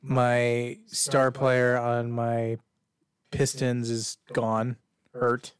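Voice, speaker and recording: Smooth-voiced man venting about sports. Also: mid-range voice, monotone, extremely slow. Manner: frustrated venting, swears. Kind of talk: casual sports chat.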